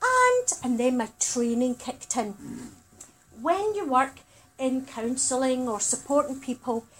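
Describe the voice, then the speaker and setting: A woman doing stand-up, telling a story deadpan, with sudden bursts of high exasperation. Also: a little slow. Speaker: stand-up comedian.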